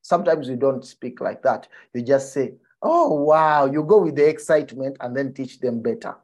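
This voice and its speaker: A man preaching a sermon, often asking his listeners whether they follow him and dropping to a soft, low voice for emphasis. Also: moderate pace. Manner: animated, checks in with the listeners.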